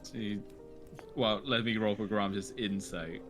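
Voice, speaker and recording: A man's voice: fairly low pitch, steady tone, slow, fairly bright tone, soft background music. A man narrating a tabletop game as game master in a casual, loose way.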